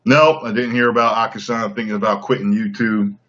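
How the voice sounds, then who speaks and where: A man's voice: on the low side, steady tone, fairly quick, fairly bright tone, close to an everyday voice. A man doing an impression of a laid-back male YouTuber, rambling easily with lots of "you know"s. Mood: relaxed. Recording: dull lo-fi livestream audio.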